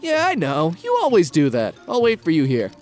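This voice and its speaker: A man's voice: fairly high pitch, wildly swooping pitch, normal speed, a little mellow, soft background music, pitched below the performer's own voice. A man voicing a suspiciously nice male friend who talks in a soothing way. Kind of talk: Minecraft roleplay voice acting.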